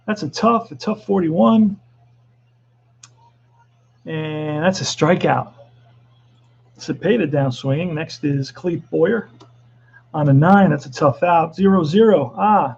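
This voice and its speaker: Gravelly high-voiced man calling dice baseball. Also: dull audio. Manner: excitable announcer calls, joking asides. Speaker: tabletop baseball replay host. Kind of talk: play-by-play commentary of a dice baseball game.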